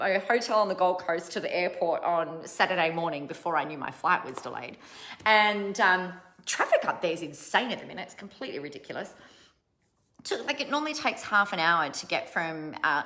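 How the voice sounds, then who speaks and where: A woman's voice: on the low side, pushed and bright. A middle-aged woman coaching online followers in a casual talk, chatty and self-mocking, laughing often and breaking off mid-sentence.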